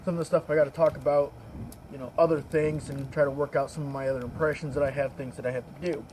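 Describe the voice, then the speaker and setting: A man's voice: a little high, steady tone, quick pace, a little mellow, slight background noise, rough recording. A man filming a casual show-and-tell vlog outdoors in the snow, feeling cold and talking in a rambling, informal way. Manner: rambling, informal, restarts often. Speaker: WWII reenactor vlogger. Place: outdoors in snowy weather.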